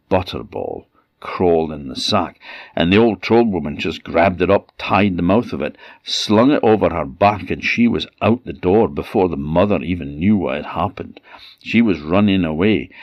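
A man from Orkney with an Orcadian Scottish accent, telling a folktale in a lively, animated way. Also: sits low, dry recording. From Orkney, Scotland. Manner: lively, animated, voices every character. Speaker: storyteller. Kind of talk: folktale storytelling. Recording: dull lo-fi dry recording.

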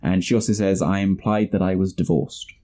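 A man's voice: sits low, flat delivery, brisk, mellow. A man hosting a casual film-review podcast, laughing often as he recounts scenes from his notes. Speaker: podcast host.

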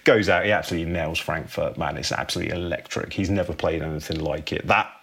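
A man's voice: extremely low pitch, fast talker, creaky, fairly bright tone. A man hosting a podcast, telling a film story in a laid-back, casual way and ending phrases with "man".

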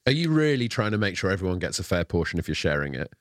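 A man co-hosting a podcast, joking and agreeing emphatically in casual chat. His voice sits low but swings hugely up and down in pitch. The sound is dry and close. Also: big pitch swings, very fast, no room sound. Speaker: podcast co-host.

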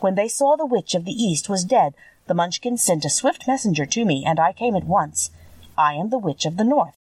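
A woman doing a sweet, calm old good witch. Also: medium pitch, normal speed, slightly rough, no echo, recorded from a distance, poor audio. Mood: calm, kindly. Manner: sweet, calm, gently assured. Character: small, wrinkled, kindly old female good witch.

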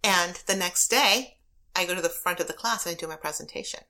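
A woman's voice: on the low side, a little fast, pushed and bright. A woman who is a prosecutor and elected official, answering interview questions with earnest, emphatic personal stories.

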